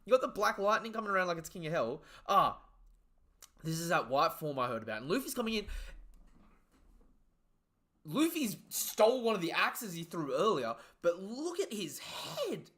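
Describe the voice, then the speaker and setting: Excitable man with a lively swing. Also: high voice, normal speed, long pauses. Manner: excitable, swears freely; reads the panels aloud as he goes. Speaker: live reaction streamer. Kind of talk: casual live reaction commentary.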